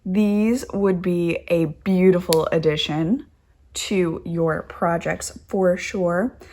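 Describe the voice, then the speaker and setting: A woman's voice: lowish voice, takes it slowly, warm tone, slight background noise. A young woman hosting a knitting podcast, chatting casually and gushing over crafts she shows. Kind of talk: casual show-and-tell chat.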